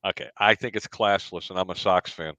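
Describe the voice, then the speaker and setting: Bright, blunt sports-talk man. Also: low voice, fairly even intonation, brisk, dry recording, lo-fi sound. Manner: blunt, opinionated ranting. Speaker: sports show co-host.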